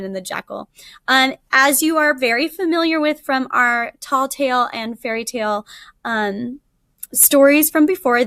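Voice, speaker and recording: Woman teacher, young adult, reading aloud slowly and brightly; dry close-miked sound. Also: a little high, no room sound. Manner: slow, animated storytelling with frequent ums.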